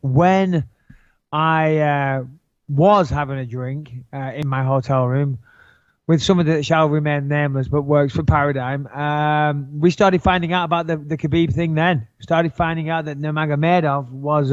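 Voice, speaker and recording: A man's voice: fairly high pitch, steady tone, normal speed, no room sound, muffled recording. A man co-hosting a podcast in casual chat, blunt and joking, swearing freely. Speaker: podcast co-host.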